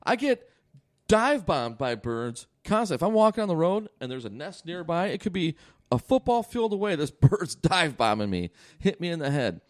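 Animated, swearing man telling stories. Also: a little high, normal speed. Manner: profane, laughing often while telling stories. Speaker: podcast co-host. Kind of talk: casual storytelling.

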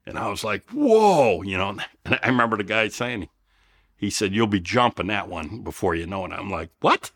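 A man talks in a fairly low voice. He tells his stories bluntly and rambles, swearing often and starting his sentences over. The tone is casual, like an old veteran chatting. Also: steady tone, brisk, bright, forceful tone. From Elmhurst, Illinois. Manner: blunt, profane, rambling with restarts. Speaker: guest, Vietnam veteran. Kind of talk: casual storytelling.

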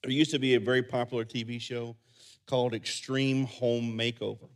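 A man preaching a sermon, acting out the people in the story with loud bursts and then dropping to soft, quiet endings. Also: mid-range voice, level tone, moderate pace. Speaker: pastor.

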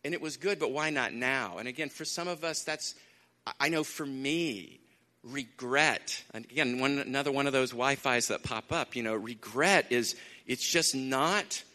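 A man preaching a sermon in a conversational way, repeating phrases for emphasis, with lively asides. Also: medium pitch, moderate pace. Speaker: pastor. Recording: long hall reverb.

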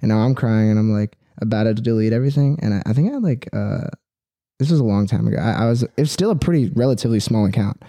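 Young guy rambling in a dark mellow voice, lots of likes and dudes, dry close sound. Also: on the low side, fast talker, no echo. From Philippine heritage. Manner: rambling, full of "like" and "dude". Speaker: guest. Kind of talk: casual podcast chat.

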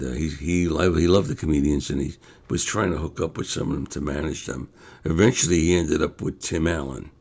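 An older man with a New York accent telling stories about his comedy career in a casual, animated way, acting out the voices of people he quotes and laughing along. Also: rumbling low, gravelly. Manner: animated storyteller, acts out quotes, laughs often. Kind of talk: casual storytelling monologue.

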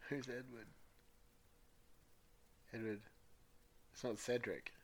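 A man co-hosting a casual podcast, rambling through his thoughts in halting, restarted sentences. His voice sits at an ordinary middle pitch. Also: steady tone. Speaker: podcast co-host. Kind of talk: casual chat.

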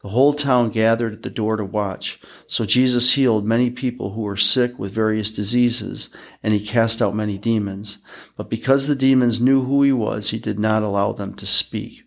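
A man hosting a podcast, reading Bible passages aloud in a measured, even way. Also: on the low side, vocal fry. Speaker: podcast host reading scripture. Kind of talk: scripture reading.

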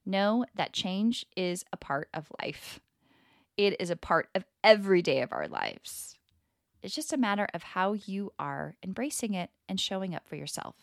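A woman's voice: mid-range voice, animated, moderate pace, vocal fry, no echo, clean studio sound. A woman hosting a motivational podcast, talking casually and animatedly and breaking into laughter easily. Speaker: podcast host.

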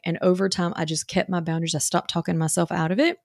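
Gravelly low-voiced woman coaching parents. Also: expressive, very fast, darkish tone, no room sound, clean studio sound. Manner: chatty, filler-heavy, reassuring. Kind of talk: casual coaching talk.

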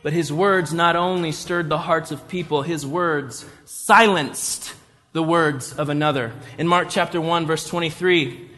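Man, pastor, animated sermon, high-pitched, long hall reverb. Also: measured pace. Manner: animated, acts out voices of people in the story.

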